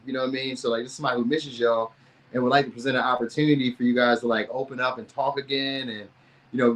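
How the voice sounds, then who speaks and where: A man's voice: medium pitch, a bit bright. A man giving a casual tarot reading, chatting in loose slang and reacting to viewers' comments. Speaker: tarot reader.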